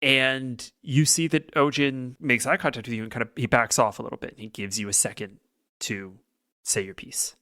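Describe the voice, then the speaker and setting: A man narrating a tabletop game as game master, in a steady, descriptive way. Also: medium pitch, normal speed, no room sound, clean studio sound.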